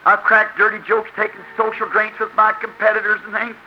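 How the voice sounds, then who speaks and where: A man's voice: high-pitched, monotone, fairly quick, close to an everyday voice. A preacher acting out a pleading repentant businessman. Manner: earnest pleading confession. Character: repentant middle-aged businessman confessing his sins. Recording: dull lo-fi recording with faint hiss.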